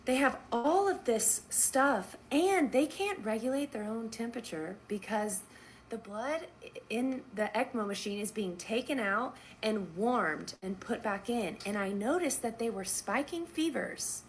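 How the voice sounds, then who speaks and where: A young woman, a nurse, telling a story casually and acting out the dialogue with lively swings in her voice. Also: a little slow, slight background noise. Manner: animated, acts out quoted dialogue with big pitch jumps.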